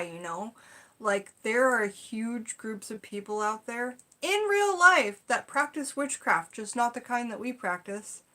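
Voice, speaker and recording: A woman's voice: medium pitch, bright, forceful tone. A young woman in casual vlog chat, reading folk magic lore from a book and rambling off into chatty asides. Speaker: witchcraft vlogger.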